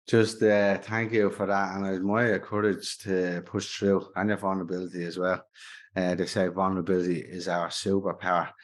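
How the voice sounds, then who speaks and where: An Irish man hosting a podcast interview, giving short, encouraging replies and swearing casually. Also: low voice. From Ireland. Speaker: podcast host.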